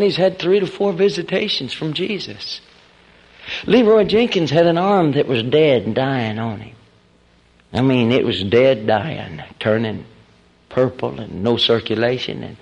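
Husky-voiced man preaching folksy stories. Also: mid-range voice. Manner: folksy, animated storytelling with acted-out quotes. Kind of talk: storytelling sermon.

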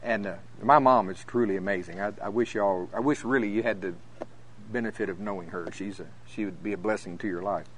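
A man's voice: lowish voice, fairly quick, a little hiss or hum. A middle-aged man preaching a sermon to a congregation, telling stories and acting out the voices of the people in them. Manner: animated storytelling, acting out voices, laughing often.

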